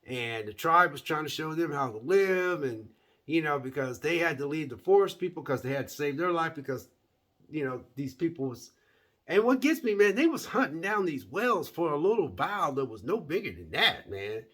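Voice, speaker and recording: Rambling male movie-review vlogger, lively sing-song delivery. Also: a little high, moderate pace. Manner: rambling, repeats words, says "man" often; folksy, animated. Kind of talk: casual movie review chat.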